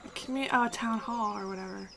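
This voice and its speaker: A woman giving casual, chatty commentary while playing a video game, reacting aloud with quick exclamations. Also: medium pitch, creaky, background noise. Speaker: gaming video creator.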